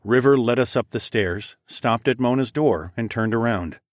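A man narrating a fantasy novel in the first person, in a measured, steady storytelling manner. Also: mid-range voice, no room sound, clean studio sound. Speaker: audiobook narrator.

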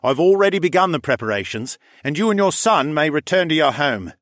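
Brief: male reader as a young lord with a cold, commanding edge, pitched a bit high, dry close sound. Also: big pitch swings, fairly quick, fairly bright tone, dry recording. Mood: icy. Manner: icy, clipped, authoritative.

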